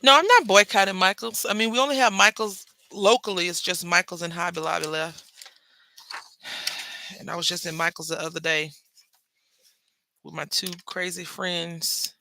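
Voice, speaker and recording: Working at his table, a craft channel host chats playfully with viewers and swaps gossipy stories in a casual crafting chat. He speaks at normal speed with a steady tone, his high voice gravelly, pushed and bright, pausing often. It's a dry recording.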